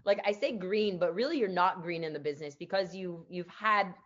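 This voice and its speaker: A woman's voice: on the low side, brisk, fairly bright tone, muffled recording. A woman hosting a podcast in casual interview chat, chatty and full of "like". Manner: chatty, peppers speech with "like". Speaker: podcast host, former wrestler.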